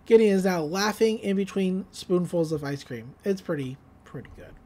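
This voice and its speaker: A woman's voice: lowish voice, expressive, normal speed, warm tone. A woman co-hosting a podcast, casually recapping an episode, laughing often and acting out quoted lines. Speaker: podcast co-host.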